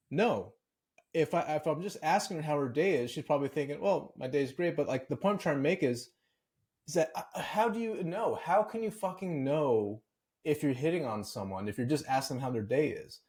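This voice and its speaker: A man's voice: on the high side, expressive, normal speed, darkish tone. A man guesting on a podcast, speaking candidly and conversationally as he tells stories. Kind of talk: casual interview chat.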